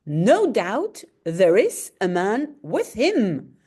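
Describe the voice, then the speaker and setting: A woman from Belgium whose first language is Dutch, teaching by reading a comic aloud and translating it slowly, with sound effects. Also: slightly rough. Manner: animated, explains slowly, adds sound effects like roars and booms.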